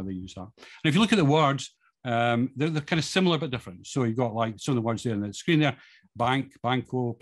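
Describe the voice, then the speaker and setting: A middle-aged Scottish man talks quickly and informally to an audience, walking them through slides. He rambles, fills pauses with plenty of ums, restarts sentences and pokes fun at himself. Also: mid-range voice, breathy edge. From Scotland. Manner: self-deprecating humour. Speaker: guest speaker.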